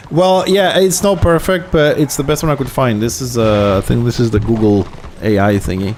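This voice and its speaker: A man's voice: mid-range voice, steady tone, moderate pace, darkish tone, a little hiss or hum. A man with a slight lisp, speaking English as a second language and chatting casually to viewers while he streams a game. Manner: chatty, explains things to viewers as he plays; non-native English speaker. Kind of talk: casual live-stream commentary.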